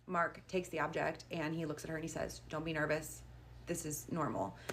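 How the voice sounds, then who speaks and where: A woman's voice: low-pitched, level tone, normal speed, fairly bright tone, slight background noise. Chatty young woman telling a story. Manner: chatty, quoting people with "like". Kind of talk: casual storytime narration.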